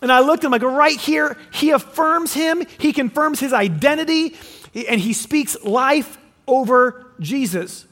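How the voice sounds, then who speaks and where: A man preaches a sermon in an animated way, his voice sitting unusually high for a man. He slips into quoted voices and often restarts his phrases. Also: a little slow. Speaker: pastor.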